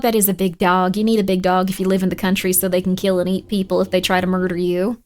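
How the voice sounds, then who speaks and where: A woman streaming a spooky game, chatting playfully with viewers, dropping to whispers while searching and bursting into excited shouts. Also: fairly low pitch, fast, hardly any pauses. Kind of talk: casual live-stream gaming chat.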